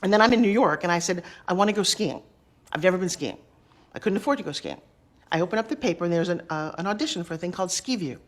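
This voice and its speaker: A middle-aged woman telling career stories in an interview, acting out the dialogue with quick asides. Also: on the low side. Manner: lively, acts out quoted dialogue, quick asides. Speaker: interview guest. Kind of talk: animated storytelling.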